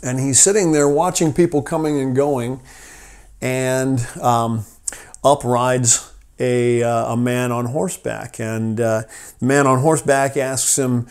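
Brief: male podcast host, friendly storytelling devotional, mid-pitched, halting delivery. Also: fairly even intonation, a little mellow, clear, resonant tone. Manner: friendly, hesitant, many fillers. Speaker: podcast host at a rescue mission. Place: office.

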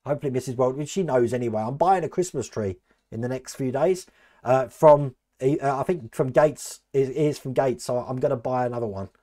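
An older man with a slightly high voice and an accent that blends Australian with Essex English. He rambles in a friendly, chatty way, hosting a live stream and reading out viewers' comments. His talk is loose and unscripted, full of asides. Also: a little mellow. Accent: mixed Australian and Essex English. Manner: rambling, chatty, answers chat by name.

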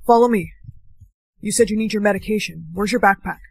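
A young woman acting out comedy skits with bright, emphatic reactions. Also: medium pitch, a little fast, gravelly, husky, dry recording. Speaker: skit performer.

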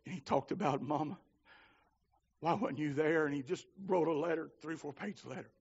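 A man preaching a holiness sermon, telling stories with fervor and swinging from shouts to low pleading. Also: normal speed, gravelly, husky, dull audio. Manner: fervent, climbs to shouting then drops low. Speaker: minister.

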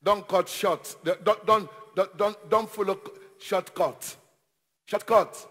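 A man preaching a sermon as pastor, with call-and-response and repeated phrases that rise into shouted declarations. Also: sits high, slow, breathy edge, in a large hall.

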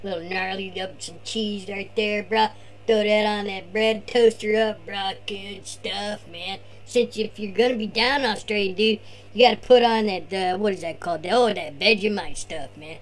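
A man's voice: high voice, fairly even intonation, moderate pace, fairly bright tone. A man voicing his laid-back surfer-dude cousin, who drawls slacker talk and tags bruh and man onto every line.

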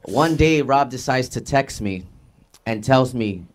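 A man's voice: medium pitch, animated, a little slow. A man officiating a wedding ceremony, reading scripture and telling a chatty, laughing story about the couple. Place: outdoor wedding venue.

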